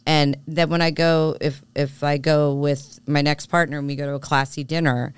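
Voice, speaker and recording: Candid woman podcaster, smooth dry voice. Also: low voice, moderate pace, few pauses, no echo. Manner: candid, animated, self-assured, talks through her points with many asides. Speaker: podcast co-host. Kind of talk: casual chat.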